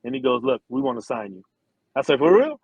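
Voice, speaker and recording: A middle-aged man, an interview guest, telling a long story with lively quoted voices and many restarts. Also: mid-range voice, quick pace, husky, no room sound, highs cut off. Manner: animated storyteller, acts out quotes, frequent restarts. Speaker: interview guest, former football player and singer.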